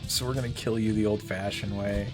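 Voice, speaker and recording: A man's voice: lowish voice, steady tone, brisk, over music. A man giving casual, exasperated commentary while playing a game, swearing and laughing as he rants. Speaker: gaming channel host.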